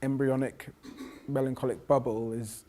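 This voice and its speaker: Professor, reflective storyteller, mid-pitched, restarts a lot. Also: male voice, steady tone, normal speed, dark tone, a little hiss or hum. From South London. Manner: reflective, with frequent restarts and quoted voices. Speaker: professor and panel guest. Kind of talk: personal storytelling in conversation.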